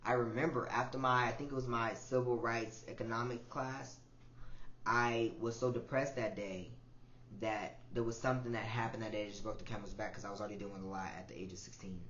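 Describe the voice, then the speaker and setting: A man in his twenties hosts a podcast, speaking a reflective personal monologue in a mid-pitched voice. His delivery is emotional and repetitive, dropping soft and then rising into louder swells. The recording is roomy and somewhat dull, with faint ambience behind him. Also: fairly even intonation, fairly quick, slight background noise. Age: 20s. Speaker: podcast host.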